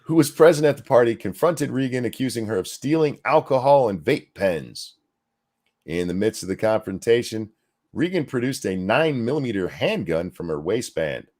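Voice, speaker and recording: A man co-hosting a podcast, reading news articles aloud in a deadpan way and breaking off for dry asides. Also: mid-range voice, normal speed. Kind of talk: casual news commentary.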